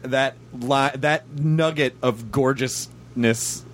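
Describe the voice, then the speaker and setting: A man's voice: medium pitch, slow. A man interviewing a guest in casual chat, enthusiastic, swearing freely and restarting his sentences.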